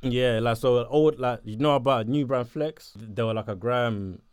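A young man from southeast London with a South London accent, chatting casually in an interview, laid-back and quick to laugh. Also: medium pitch, smooth, dry recording. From Botswana, raised in southeast London.

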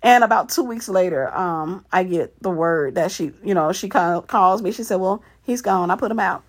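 Husky woman telling an emotional family story. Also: fairly low pitch, normal speed. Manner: emotional, acts out quoted family dialogue; repeats "I said" often. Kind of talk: personal story told to camera.

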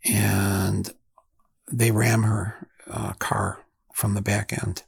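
Gravelly, husky man telling a story. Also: fairly low pitch, flat delivery, no room sound. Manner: reflective, halting, with fillers and restarts. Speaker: podcast host. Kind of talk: storytelling monologue.

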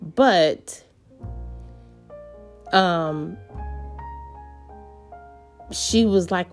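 Slow-paced woman telling a personal story. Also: mid-range voice, soft background music. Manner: meandering, earnest, many fillers and restarts.

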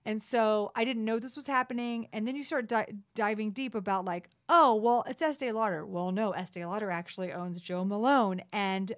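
A woman's voice: mid-range voice, fairly even intonation, moderate pace, hardly any pauses. A young woman chatting as a podcast guest, candid and blunt, swearing freely and acting out what others said. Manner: candid, swears freely, acts out quoted speech. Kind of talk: casual chat.

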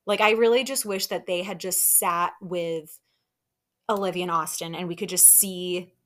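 A woman's voice: on the low side, fairly even intonation, normal speed, fairly bright tone. A young adult woman hosting a podcast, recapping a reality show in heated, opinionated casual commentary with sighs and asides.

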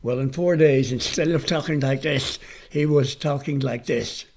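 A man's voice: mid-range voice, normal speed. A man coaching magicians, telling an anecdote in an interview and acting out the quoted voices. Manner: animated, acts out quoted voices. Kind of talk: storytelling in an interview.

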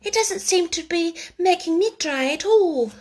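A woman's voice: high voice, big pitch swings, very slow, pitched above the performer's own voice, heavily acted. A woman voicing a soggy, melancholy little girl. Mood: glum.

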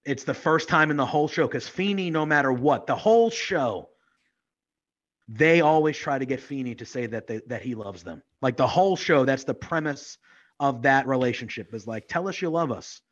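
A man's voice: mid-range voice, animated, normal speed, muffled recording. A man co-hosting a casual podcast chat, talking in a rambling, heartfelt way with lots of fillers. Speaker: podcast co-host.

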